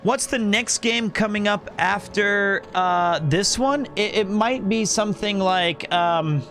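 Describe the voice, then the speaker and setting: A man's voice: high voice, slow, a bit bright, soft background music. A man streaming a video game, chatting casually and rambling to his viewers between puzzles. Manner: chatty, rambling, talks to chat. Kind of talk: casual gaming stream chat.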